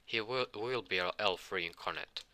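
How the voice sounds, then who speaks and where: A man retelling a fan story in a halting, casual way full of fillers and restarts. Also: fairly low pitch, sharp tone, no echo.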